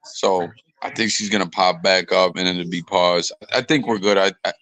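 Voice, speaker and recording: A man's voice: sits low, steady tone, normal speed, a bit bright, dry recording, rough recording. A man hosting a live podcast, chatting easily and joking about sports. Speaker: podcast host. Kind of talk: casual live-stream chat.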